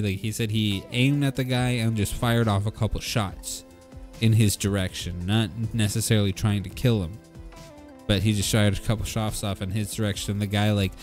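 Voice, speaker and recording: A man with a fairly low voice tells a story on a casual podcast, talking in a lively, animated way. He acts out what other people said as he goes. Faint music plays underneath. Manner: animated, quick storyteller who acts out quotes. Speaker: podcast host.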